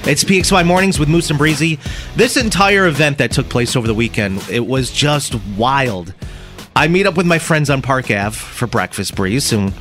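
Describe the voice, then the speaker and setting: Animated storytelling radio host man. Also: medium pitch, normal speed, faint music behind. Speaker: radio morning show host. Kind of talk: casual storytelling on air.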